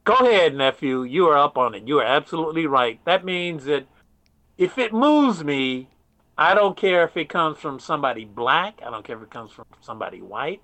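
An older man reminisces at an easy, wandering pace, circling back with restarts and dropping "man" into his sentences. His voice sits a little high for a man. The sound is close and dry, with no room around it. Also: sing-song, moderate pace, pushed and bright, dry recording. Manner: rambling, says "man" often, many restarts. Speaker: interviewee. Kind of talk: casual storytelling.

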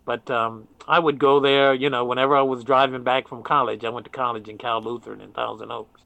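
A man's voice: mid-range voice, flat delivery, a little fast, creaky, pushed and bright, dry recording, dull audio. An older man telling stories in a casual interview, rambling with many restarts and often saying "man". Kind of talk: casual storytelling.

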